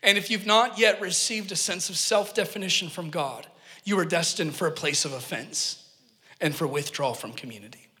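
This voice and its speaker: Male preacher, high and bright, earnest storyteller, in a reverberant church hall. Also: normal speed. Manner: earnest, emphatic, joking asides to the congregation. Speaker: pastor. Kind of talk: sermon with personal storytelling.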